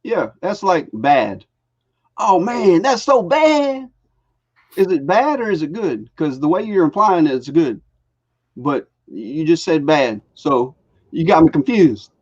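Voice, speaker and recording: Animated man, muffled lo-fi sound. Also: fairly high pitch, unhurried, husky. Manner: lively storyteller who acts out quotes. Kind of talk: casual live-stream chat.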